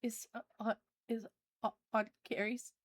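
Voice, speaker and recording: A frightened little boy stammers and trips over his words, as a woman voices him in a tabletop game. His voice sits fairly high and is recorded dry and close, with no room around it. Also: level tone, normal speed, dry recording, close to an everyday voice.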